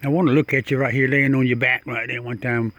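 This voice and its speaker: A man's voice: mid-range voice, flat delivery, quick pace, a bit bright, no room sound, dull audio. A man, talking casually and coaxingly to an animal outdoors at night, chuckling and repeating himself. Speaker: backyard wildlife videographer.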